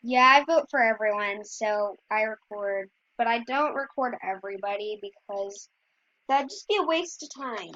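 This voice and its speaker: A woman's voice: mid-range voice, moderate pace, a bit bright. A woman chatting to her viewers in rambling, casual gameplay commentary. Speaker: gameplay video creator. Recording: dull lo-fi dry recording.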